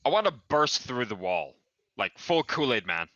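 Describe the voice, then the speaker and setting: A man playing in a tabletop game, talking haltingly and asking questions, with many restarts. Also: mid-range voice, very animated, pushed and bright, no echo, lo-fi sound. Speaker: player. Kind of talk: casual chat at a tabletop game.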